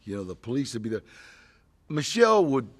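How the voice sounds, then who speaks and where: A man's voice: mid-range voice, very animated, a little fast. A man, an actor, chatting casually in a press interview, telling rambling anecdotes with frequent "you know" and chuckles. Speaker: actor promoting a film.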